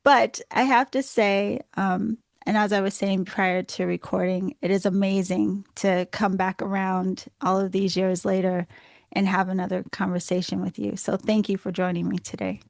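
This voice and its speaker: A woman's voice: mid-range voice, level tone, moderate pace, gravelly, no room sound, clean studio sound. A woman with a Boston accent hosting a podcast interview, effusive and full of praise for her guest. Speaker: podcast host.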